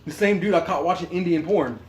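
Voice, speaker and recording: A man tells a story on a podcast in a loose, profane, animated way, laughing often. His voice sits a little high. The room is echoey. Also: fast. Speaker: podcast co-host. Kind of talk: casual storytelling among friends.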